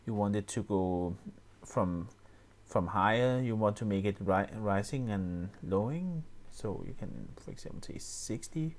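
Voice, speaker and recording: A man explaining music software step by step, often pausing with fillers and restarting his sentences. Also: fairly low pitch, expressive. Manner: hesitant, many fillers and restarts. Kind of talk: screen-recorded tutorial.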